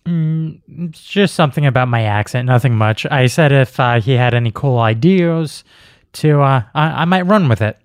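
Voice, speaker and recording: A man co-hosting a podcast with a Boston-sounding accent, giving brief deadpan replies in casual chat. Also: mid-range voice, normal speed, smooth, no room sound, clean studio sound. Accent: Boston-like put-on. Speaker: podcast co-host.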